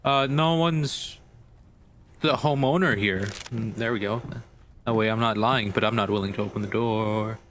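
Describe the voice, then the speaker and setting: A man's voice: lowish voice, moderate pace, a bit bright, slight background noise. A man giving nervous, profanity-laden commentary while playing a horror game, talking to his viewers. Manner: nervous, jumpy, swears a lot. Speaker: gaming video creator.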